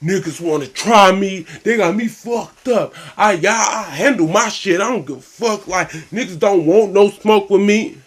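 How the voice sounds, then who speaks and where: A woman's voice: medium pitch, moderate pace, few pauses, slightly rough, pitched below the performer's own voice, natural voice. A woman voicing a brash young man who brags and threatens after a street fight. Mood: boastful. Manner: swaggering, threatening, profane.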